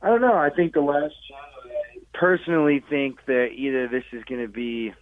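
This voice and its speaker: A man's voice: mid-range voice, normal speed, no echo. Man on a tinny phone-like line. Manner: relaxed, reflective, says dude often. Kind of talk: casual chat.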